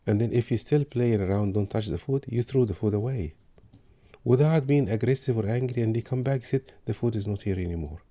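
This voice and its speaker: A man giving calm parenting advice with examples. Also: mid-range voice, brisk. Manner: calm, advisory, gives examples. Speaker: parenting speaker. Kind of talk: talk on parenting.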